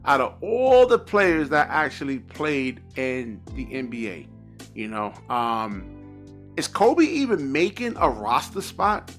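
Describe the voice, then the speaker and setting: A man's voice: a little high, fairly bright tone. Exasperated man ranting about basketball. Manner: exasperated, repetitive, says 'man' often. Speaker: basketball commentator. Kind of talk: reaction rant on video.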